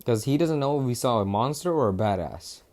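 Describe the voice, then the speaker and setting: Young male storyteller, loose and foul-mouthed, rambles and trips over words; average pitch. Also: expressive, fairly quick, darkish tone. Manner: profane, rambling, self-interrupting. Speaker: fan storyteller. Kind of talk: casual rambling retelling.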